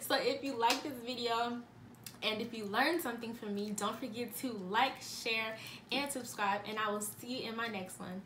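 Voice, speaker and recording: A woman's voice: on the high side, moderate pace, background noise. A young woman chatting casually to her viewers in a beauty vlog, upbeat and talkative. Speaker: beauty vlogger. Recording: echoey room.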